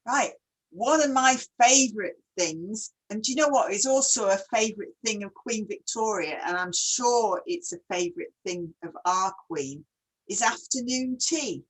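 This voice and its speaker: A woman's voice: mid-range voice, moderate pace, husky, low-quality recording. A woman hosting a casual online chat, who talks readily and keeps asking her guest questions. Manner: chatty, asks many questions. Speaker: host.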